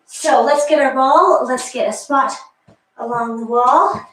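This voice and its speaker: The speaker is a fitness instructor whose high, fairly bright voice moves a little slowly as she counts reps for a guided workout. She chats between counts and sounds slightly breathless. It's recorded in an echoey exercise room with a wall, the mic far off.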